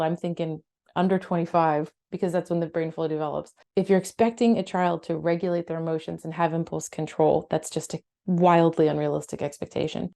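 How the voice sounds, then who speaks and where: A middle-aged woman with an Australian accent, a psychotherapist giving animated parenting advice. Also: lowish voice, gravelly. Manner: animated, acts out parent and child voices.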